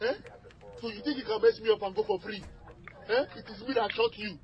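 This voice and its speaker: A man's voice: sits high, fairly even intonation, fast, crowd noise. A man with a Nigerian accent, furious and repeating himself on an emergency call. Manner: agitated, shouting, repeating himself. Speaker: caller. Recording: muffled archival emergency call audio.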